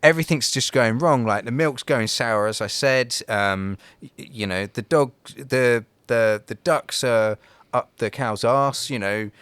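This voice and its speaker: A man's voice: mid-range voice, a little slow, a bit bright, clear, resonant tone, dry recording. A man co-hosting a casual podcast, telling a folk tale in a rambling way with lots of fillers, restarts and swearing. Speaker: podcast co-host. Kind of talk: casual storytelling chat.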